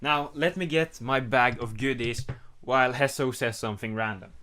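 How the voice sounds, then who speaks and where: A man's voice: medium pitch, normal speed, sharp tone. A young man hosts a casual podcast with his co-host. He talks in a loose, teasing way, ribbing his friend between topics. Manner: joking, teasing banter. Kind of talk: casual chat.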